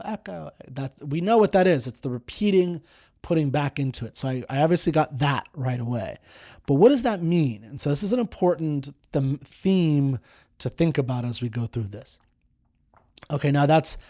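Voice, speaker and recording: A middle-aged man teaching poetry, reading a poem slowly and then explaining it in an earnest way that repeats words for stress. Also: mid-range voice, warm tone.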